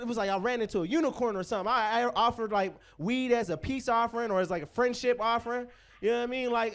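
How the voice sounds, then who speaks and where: High-voiced, profane young stand-up host. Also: male voice, fast. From Pittsburgh, USA. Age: 20s. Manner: loose, profane, crowd-teasing banter. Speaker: comedy show host. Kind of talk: stand-up comedy hosting.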